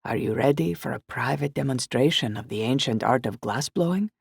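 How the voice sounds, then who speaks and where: A friendly young glassblower, put on by a woman reading aloud. He talks warmly with a showman's flourish, in a voice set a little apart from the narration. The recording is dry and close. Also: rumbling low, expressive, fairly quick, creaky, slightly rough, no echo, exaggerated voice. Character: Italian young man, friendly glassblower, playful.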